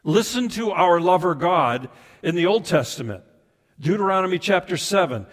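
A man preaching a sermon as pastor, emphatic at times and then dropping to soft, intimate asides. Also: high voice, animated, normal speed. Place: church sanctuary. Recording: reverberant hall sound.

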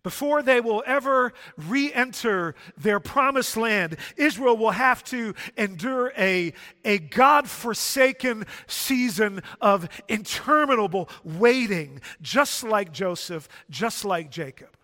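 A man's voice: high-pitched, animated, slow pace, hardly any pauses, pushed and bright. A man preaching a sermon, building emphatic points through repetition. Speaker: pastor. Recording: long hall reverb.

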